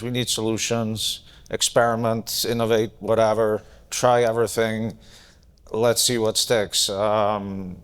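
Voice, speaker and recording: Man on a panel, lowish voice, blunt and a bit cynical. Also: clear, resonant tone. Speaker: panelist, economist. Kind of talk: conference panel answer.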